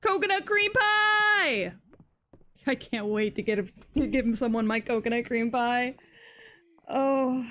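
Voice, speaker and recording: A woman's voice: on the high side, fairly even intonation, moderate pace, darkish tone. A young woman streaming a farming game, chatting casually, swearing freely and singing to herself. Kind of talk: casual gameplay commentary.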